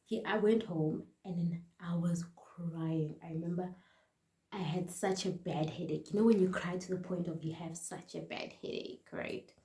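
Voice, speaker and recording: A South African woman vlogger telling a storytime casually and chattily, often dropping to a quiet aside. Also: fairly low pitch, steady tone, normal speed, echoey room.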